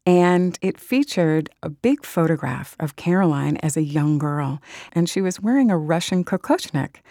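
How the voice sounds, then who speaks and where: Low-voiced woman author. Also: dark tone, no echo, clean studio sound. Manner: earnest and enthusiastic, emotional about audiobooks. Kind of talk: answering interview questions.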